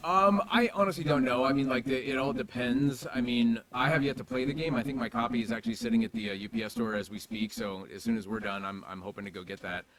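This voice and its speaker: A man's voice: medium pitch, quick pace, few pauses, a crowd in the background. A man speaking as an interview guest over a video call, easygoing and loose in casual chat.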